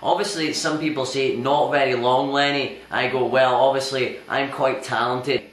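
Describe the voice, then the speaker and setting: An actor playing a self-important, deluded male stand-up comedian, boastful and halting with fillers, recorded in an echoey venue. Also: medium pitch, steady tone, fairly bright tone, close to an everyday voice. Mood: pompous. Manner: pompous and boastful, hesitant with fillers. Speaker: interviewee in a sketch.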